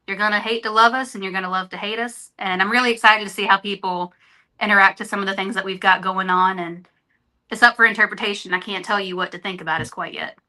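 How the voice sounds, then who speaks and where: A woman's voice: mid-range voice, steady tone, fast talker, pushed and bright. A woman guest on a podcast, speaking earnestly and openly in candid conversation. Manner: earnest, openhearted storytelling. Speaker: interview guest.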